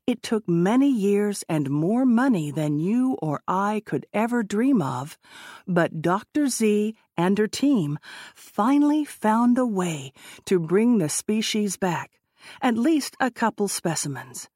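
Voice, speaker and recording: Woman voicing a calm male zookeeper. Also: mid-range voice, takes it slowly, no room sound, clean studio sound. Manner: calm, explanatory.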